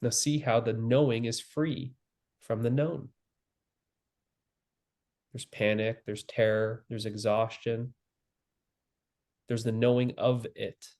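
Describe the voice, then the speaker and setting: A man giving a spiritual teaching, speaking calmly and slowly with long pauses and repeated phrases. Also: mid-range voice. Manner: calm, slow and repetitive, with long pauses. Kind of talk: slow guided spiritual teaching.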